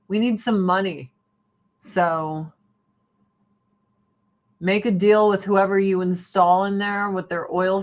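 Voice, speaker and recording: A middle-aged woman chatting bluntly and profanely while doing her makeup on a livestream. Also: mid-range voice. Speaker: vlogger. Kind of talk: casual get-ready-with-me livestream chat.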